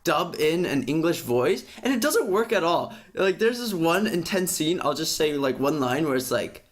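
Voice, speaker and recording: A young man with a slightly high voice chats on a podcast. He rants in a casual, profane way, and his voice jumps sharply upward when he gets worked up. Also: normal speed. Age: young adult. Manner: profane, animated ranting with sudden pitch jumps. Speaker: podcast co-host. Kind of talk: casual chat.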